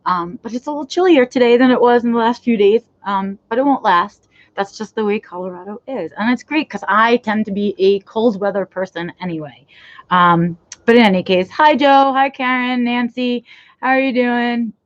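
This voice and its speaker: A woman's voice: on the high side, normal speed, lo-fi sound. Chatty woman live-streaming from her backyard. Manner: chatty, rambling, many fillers. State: cold, shivering. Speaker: vlog host. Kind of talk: casual live-stream chat. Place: outdoors in a backyard.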